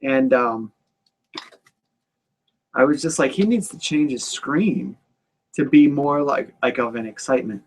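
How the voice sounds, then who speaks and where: A man's voice: mid-range voice, unhurried, long pauses. A man co-hosting a casual wrestling podcast, recapping matches in a laid-back, rambling way with lots of fillers. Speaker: podcast co-host.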